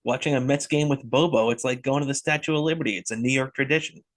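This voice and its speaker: A man's voice: mid-range voice, fast, no echo. Male co-host, casual chat, brief agreeing replies, moves things along; dry close sound. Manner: short agreeing replies, steers the conversation to the next topic. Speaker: podcast co-host.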